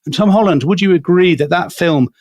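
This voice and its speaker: A man's voice: sits high, brisk, no room sound, dull audio. Jokey male podcast host. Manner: jokey, asks questions with lively rises. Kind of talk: casual chat.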